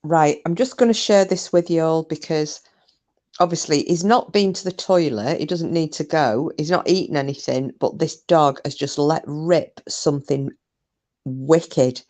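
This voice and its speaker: A woman's voice: sits low, normal speed, a little mellow. A woman hosting a casual live chat, laughing often and swearing casually. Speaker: live stream host. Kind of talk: casual chat reading viewer comments. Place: home, windy day.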